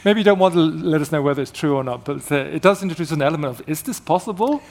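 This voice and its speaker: A man with a fairly high speaking voice leads the interview. He is gentle and encouraging and keeps the talk going with frequent quiet affirmations. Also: expressive, fast talker, creaky, slight background noise. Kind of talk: conversational interview.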